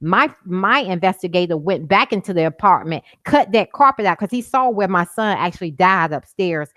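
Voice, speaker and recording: A middle-aged woman talks with a fairly low voice, driving home each point with insistent repetition. She sounds impassioned and close to tears at times, recorded dry and close with no room sound. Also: expressive, moderate pace, a bit bright, no echo. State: emotional, near tears at times. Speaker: guest, mother of a man killed by police. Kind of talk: interview over a call.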